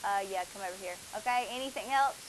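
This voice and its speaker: A woman's voice: mid-range voice, fast talker, background noise. A woman, teaching a math class, asking students questions and praising their answers.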